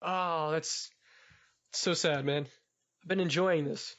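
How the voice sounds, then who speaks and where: Podcast guest, male, high voice, rambling and easygoing, lo-fi sound. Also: steady tone, slow pace, fairly bright tone. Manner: rambling, laughs often. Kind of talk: casual chat. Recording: dull lo-fi podcast audio.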